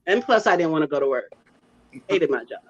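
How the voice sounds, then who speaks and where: A woman's voice: low voice, expressive, a little fast, lo-fi sound. A woman panelist in a casual talk, chatty, telling a story and agreeing with the others.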